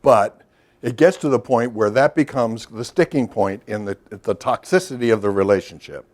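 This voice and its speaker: A man's voice: fairly low pitch, darkish tone. Middle-aged man lecturing conversationally. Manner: conversational storytelling with rhetorical questions and asides. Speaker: workshop lecturer. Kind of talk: recorded lecture to a professional audience.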